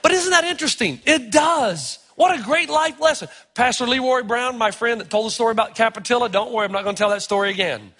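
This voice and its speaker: A middle-aged man preaching a sermon, telling stories with animated, sometimes shouted emphasis. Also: very high-pitched, quick pace, hardly any pauses, slightly rough. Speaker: pastor. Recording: long reverb of a large hall.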